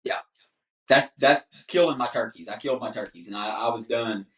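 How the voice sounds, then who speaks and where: A man, telling stories as a guest in casual podcast chat, animated and laughing often. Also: mid-range voice, normal speed. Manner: animated, laughs often, says "dude" a lot. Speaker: guest hunter. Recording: roomy, distant mic.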